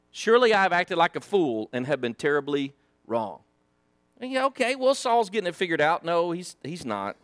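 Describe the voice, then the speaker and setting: A man leads a Sunday school Bible lesson in a playful, joking way, tossing slangy asides between the verses. His voice sits high and bright, and his pitch swings widely as he talks. The sound is close and dry. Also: dry recording.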